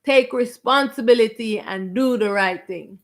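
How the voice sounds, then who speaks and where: A woman spiritual teacher preaches to her stream audience in a raised, fairly high voice. She is confrontational and insistent, hammering points through repetition and slowing down to stretch the key words. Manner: emphatic and confrontational, stretching stressed words and repeating phrases. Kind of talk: preaching to viewers on a live stream.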